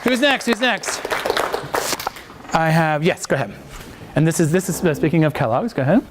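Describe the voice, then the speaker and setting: A man coaching a voiceover workshop, enthusiastic and quick to heap praise on his students. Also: fairly high pitch, animated, crowd noise, noisy background. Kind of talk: coaching a class.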